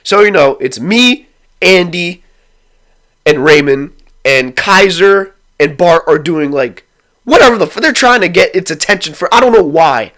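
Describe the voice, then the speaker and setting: A man's voice: sits high, a little slow. A young man telling a rambling, profane story about a night with friends in a casual vlog. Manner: rambling, swears constantly, excitable retelling.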